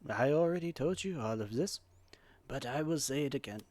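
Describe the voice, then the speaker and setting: A man's voice: mid-range voice, lively intonation, normal speed, darkish tone, no room sound, natural voice. A man voicing an adult male French chef with a clumsy mock French accent, proud and fussy. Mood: defensive. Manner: voices his own lines in a put-on accent he admits he can't do.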